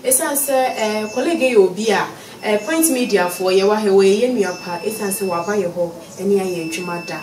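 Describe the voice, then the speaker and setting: A Ghanaian woman interviewing a guest, prompting him and giving soft affirmations. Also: mid-range voice, fairly quick, echoey room, far from the mic, noisy background. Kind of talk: street interview.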